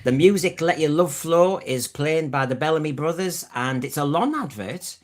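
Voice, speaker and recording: A man's voice: fairly high pitch, expressive, moderate pace. A man hosting a podcast, telling stories with wry, dry humour. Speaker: podcast host. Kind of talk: casual podcast chat.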